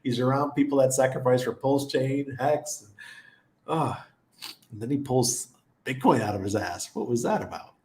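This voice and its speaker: A man's voice: medium pitch, moderate pace, a little mellow, roomy sound. Chatty laughing man hosting a livestream. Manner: chatty, laughs often, greets viewers by name. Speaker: livestream host. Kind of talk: casual livestream chat.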